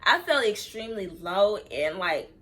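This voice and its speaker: A woman's voice: mid-range voice, very animated, measured pace, bright, forceful tone. A young woman telling a personal story time on her vlog, candid and chatty, talking straight to her viewers and close to tears at times. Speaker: vlogger.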